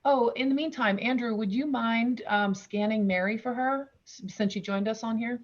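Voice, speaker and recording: A woman's voice: fairly high pitch, moderate pace. A woman hosting an online round table over a video call, chatting casually, apologizing often and laughing. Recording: dull lo-fi video-call audio.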